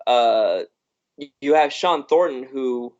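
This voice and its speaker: A man's voice: mid-range voice, slow pace, darkish tone. Rambling man on a muffled podcast. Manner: rambling, restarts, frequent laughs. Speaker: podcast co-host. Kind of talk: casual film review chat. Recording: muffled lo-fi live stream audio.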